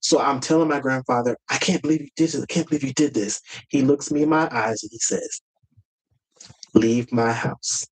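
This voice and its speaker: A man's voice: on the high side, fast talker, hardly any pauses, slightly rough, low-quality recording. A man as a podcast guest, telling a personal family story earnestly and with emotion, sometimes acting out heated words.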